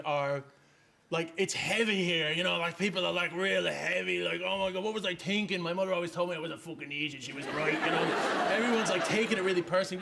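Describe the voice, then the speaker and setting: A man, a comedian guest on a TV talk show, ranting animatedly and swearing in a quick stand-up style. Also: high voice, vocal fry, pushed and bright, slight background noise. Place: TV studio with live audience.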